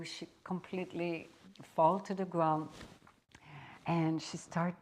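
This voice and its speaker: Brief: woman teacher, slow unhurried parable telling, lowish voice. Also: steady tone, a little mellow. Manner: slow, deliberate storyteller. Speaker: spiritual teacher. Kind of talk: storytelling satsang talk.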